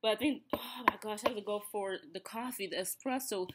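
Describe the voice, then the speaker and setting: This vlogger is a woman in her thirties with an Ethiopian accent and a brisk, medium-pitched voice. She talks casually through a snack review, full of fillers and restarts, over heavy background noise.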